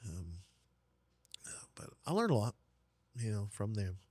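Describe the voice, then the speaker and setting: A man, a pastor, speaking earnestly and reflectively as a guest in an interview, with many pauses and fillers. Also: fairly low pitch, very animated, a little mellow, no echo. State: lives with lasting pain. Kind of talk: casual interview talk.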